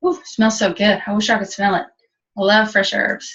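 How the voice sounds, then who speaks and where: A woman's voice: medium pitch, flat delivery, normal speed, a bit bright. A woman giving a chatty, practical step-by-step cooking demonstration in a kitchen, heard over webinar audio. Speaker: cooking instructor. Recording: distant, dull webinar audio.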